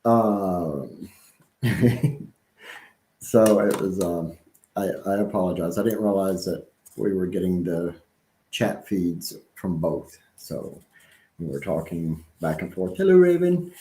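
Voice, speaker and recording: Slow, low Southern man in an echoey room. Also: expressive, mellow. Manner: rambling, halting, many ums and restarts, chuckles often. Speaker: co-host of a live-streamed chat show. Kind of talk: casual live-stream chat.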